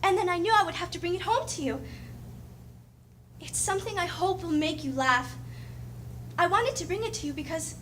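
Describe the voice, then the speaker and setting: An actress playing an excited young woman just home from Paris, talking eagerly and chattily in a stage monologue. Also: extremely high pitch, moderate pace, pauses often, slight background noise. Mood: gushing excited.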